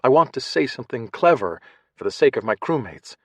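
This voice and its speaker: A man's voice: medium pitch, sing-song, brisk, fairly bright tone, slightly rough, no echo. Man reading a tense first-person audiobook. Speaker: audiobook narrator. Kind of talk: scripted first-person narration.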